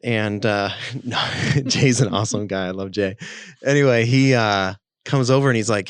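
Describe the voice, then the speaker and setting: A man's voice: on the low side, moderate pace, no room sound. A man co-hosting a podcast, telling a story in casual chat and acting out the quotes with animation. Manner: animated, acts out quoted speech. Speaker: podcast co-host.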